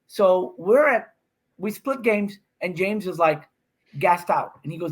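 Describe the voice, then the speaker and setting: Excitable man telling a match story. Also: sits high. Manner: excitable, fast-talking, acts out quotes. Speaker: pro pickleball player, podcast guest. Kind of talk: animated storytelling on a podcast.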